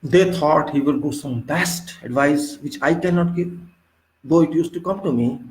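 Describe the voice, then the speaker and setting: A man with an Indian accent giving an unscripted engineering lecture, forceful and indignant, pressing his points with sharp rhetorical questions. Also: on the high side, normal speed, roomy sound, low-quality recording. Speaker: civil engineering instructor.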